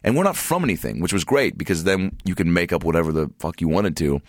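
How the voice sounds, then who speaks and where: A man from Seattle, a podcast guest, telling animated stories in casual chat, swearing freely and slipping into high put-on voices. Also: fast, no room sound, studio quality.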